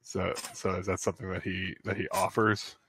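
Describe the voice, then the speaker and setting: A man playing a tabletop game, speaking in a gruff, terse, gravelly way. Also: low voice, level tone, moderate pace, fairly bright tone. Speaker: player. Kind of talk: casual tabletop game chat.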